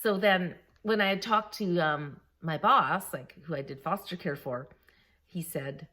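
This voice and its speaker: A woman vlogging to her camera, telling a story in a lively, laughing way and often quoting the people she talks about. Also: lowish voice, unhurried. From Canada. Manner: animated, laughing, quoting others. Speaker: vlogger, former school staff member.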